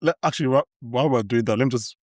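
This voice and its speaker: A man's voice: mid-range voice, very fast, a little mellow, dry recording, studio quality. A man hosting a casual film podcast, teasing his co-hosts and laughing often. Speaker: podcast host.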